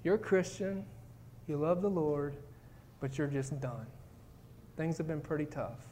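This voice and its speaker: Pastor, male, higher voice, preaching with dramatic readings and fervent emphasis. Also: a little slow, dark tone, slight background noise. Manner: reads scripture, acts out pleas, builds to fervent emphasis. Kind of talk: sermon.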